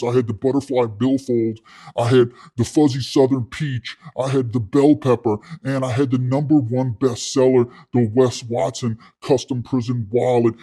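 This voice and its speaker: A man putting on the voice of a brash, loud fitness guru who pitches his product to investors while hyped up and shouting. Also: slightly rough, lightly acted.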